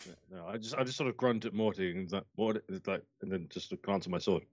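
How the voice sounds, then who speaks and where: A man's voice: low voice, quick pace, lo-fi sound. A man playing a character in a tabletop game, teasing the others.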